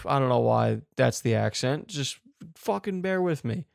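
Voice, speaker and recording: A man's voice: mid-range voice, sing-song, moderate pace, creaky, dry recording, clean studio sound. A man hosting a comedy show, ranting in disbelief, swearing and repeating questions for effect. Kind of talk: comedic rant reacting to clips.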